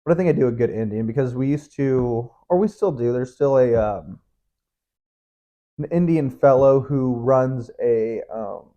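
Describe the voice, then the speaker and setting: Rambling, swearing young man, mellow tone. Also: medium pitch, measured pace. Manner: rambling, profane, self-interrupting, laughs often. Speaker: podcast host. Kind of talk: casual rambling monologue. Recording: dull lo-fi recording.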